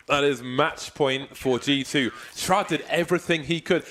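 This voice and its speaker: A man's voice: a little high, normal speed, hardly any pauses, a bit bright. A man giving live esports color commentary, playful and joking, stretching out words for emphasis.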